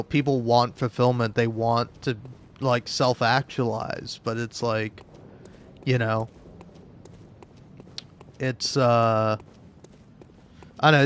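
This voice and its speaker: A man's voice: medium pitch, smooth. A young man rambling sarcastically while playing a game, with frequent swearing. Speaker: gaming channel host. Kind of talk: casual gameplay commentary.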